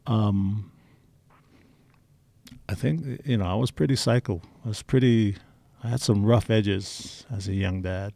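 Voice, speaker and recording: A man's voice: on the low side, a little slow, vocal fry, mellow, dry recording. A middle-aged man telling personal stories in a casual interview, candid and blunt. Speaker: interview guest.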